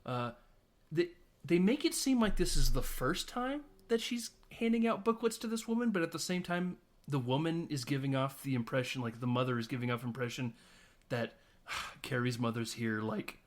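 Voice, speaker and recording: A man chatting through a film plot on a podcast, full of fillers and quick asides. His voice sits at an ordinary middle pitch. He acts out the characters' lines in passing. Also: lively intonation. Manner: rambling retelling with many fillers and acted-out quotes. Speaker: podcast co-host. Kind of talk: casual film discussion.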